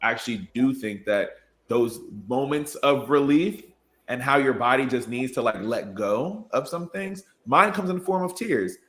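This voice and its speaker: A man's voice: medium pitch, expressive, normal speed, a bit bright. A man in his twenties, an educator and podcast guest, talking in an earnest, reflective way and laughing easily. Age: 20s. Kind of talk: casual conversation.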